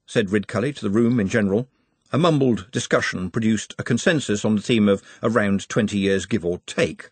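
A man's voice: fairly low pitch, a little fast, husky, no echo. A man reading an audiobook aloud in a dry, wry narrating voice. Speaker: audiobook reader. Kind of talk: scripted narration.

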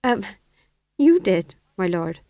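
A woman's voice: a little high, big pitch swings, moderate pace, darkish tone, dry recording, studio quality, voice pushed up. A woman voicing a nervous, loyal male court jester in an audiobook, quavering, timid and apologetic. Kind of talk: audiobook character voice.

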